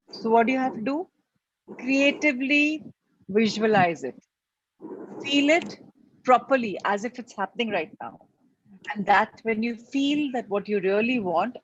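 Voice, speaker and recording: A woman's voice: on the high side, slight background noise. A woman giving an earnest motivational lesson, repeating and stressing her key points. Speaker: life coach teaching a class. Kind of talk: motivational teaching talk. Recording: slightly muffled lo-fi recording.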